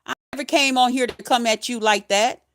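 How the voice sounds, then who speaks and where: A woman with a high voice delivers an angry, profane rant straight to her viewers. She talks in a heated, emphatic way, piling on curses and insults. She works as a nurse and vlogs on the side. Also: fairly quick. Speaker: nurse and vlogger.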